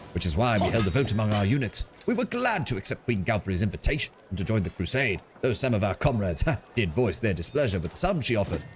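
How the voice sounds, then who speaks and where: A man's voice: medium pitch, lightly acted. A man voicing a pompous, proud male mercenary captain with a put-on British accent and grand, boastful speech.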